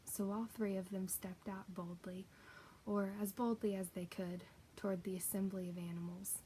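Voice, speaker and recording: A woman's voice: medium pitch, level tone, moderate pace, mellow, a little hiss or hum, poor audio. Woman reading a children's novel aloud. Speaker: reader.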